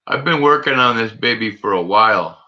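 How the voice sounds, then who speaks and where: Bright-voiced man on a lo-fi livestream. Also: lowish voice, expressive, a little fast. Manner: chatty, nervous and joking, talking to viewers. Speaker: livestream host. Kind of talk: casual livestream chat.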